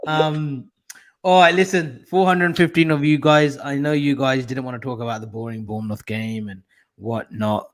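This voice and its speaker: A man's voice: mid-range voice, fairly even intonation, normal speed. Laid-back man hosting a panel. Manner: teasing, laid-back, addresses the audience. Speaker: panel host. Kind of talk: casual chat.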